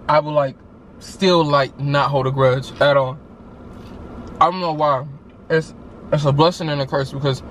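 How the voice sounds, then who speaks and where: A man's voice: fairly high pitch, slight background noise. A man telling a story casually while eating, acting out each quote with loose, filler-filled chat. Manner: animated, acts out every quote; loose, chatty, many fillers. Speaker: vlogger.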